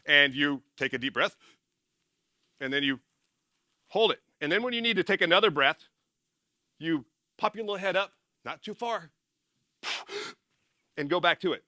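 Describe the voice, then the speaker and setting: A man talks an audience through a tough training drill in a loose, energetic way, stumbling and correcting himself as he goes. His voice is very bright and a little high for a man. The sound is close and dry. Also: moderate pace, pauses often, dry recording. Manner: energetic, rambling, self-correcting, laughs at himself. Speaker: former military speaker and success coach. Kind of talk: casual motivational talk to an audience.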